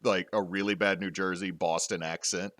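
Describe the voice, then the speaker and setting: Brief: male host, lowish voice, rambling chatty delivery, dry close mic. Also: fairly even intonation, moderate pace, fairly bright tone, no echo. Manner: rambling, frequent restarts and fillers. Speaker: podcast host and game master. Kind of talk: casual panel discussion.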